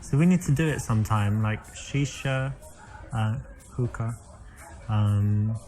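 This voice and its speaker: A man's voice: fairly low pitch, takes it slowly, a little mellow, soft background music. A man from England with a British accent, chatting easily and giving dating advice in a video game, often saying "you know". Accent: British English. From England, born in London. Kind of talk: chatty flirting and advice to camera.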